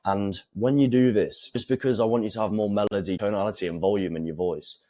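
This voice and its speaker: Deep-voiced man coaching calmly. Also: dry recording. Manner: calm, deliberate, with pauses for emphasis. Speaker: fitness and self-improvement coach. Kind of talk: direct-to-camera advice talk.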